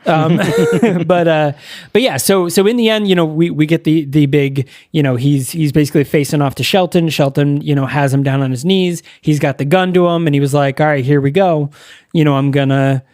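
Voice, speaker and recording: Podcast co-host, higher-pitched man, dry close sound, rambling and profane. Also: fairly quick, a little mellow, dry recording. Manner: rambling, profane, laughs often. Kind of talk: casual movie recap chat.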